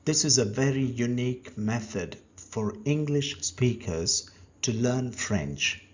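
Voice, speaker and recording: Very slow, patient male language teacher. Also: mid-range voice, lively intonation, breathy edge. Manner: very slow, patient, pausing for learner answers. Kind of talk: slow step-by-step language lesson. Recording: dull lo-fi recording.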